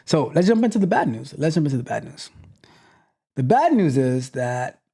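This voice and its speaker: A man hosting a live tech question-and-answer show, giving advice in a lively, mock-scolding way and often repeating phrases. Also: on the high side, normal speed, vocal fry, slightly rough. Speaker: host.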